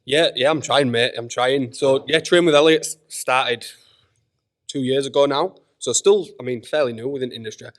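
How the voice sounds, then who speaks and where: A man's voice: mid-range voice, moderate pace, fairly bright tone. Easygoing Yorkshire man, casual guest. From Leeds, England. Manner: easygoing, loose, full of fillers and "mate". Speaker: podcast guest, personal trainer. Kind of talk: casual podcast chat. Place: gym.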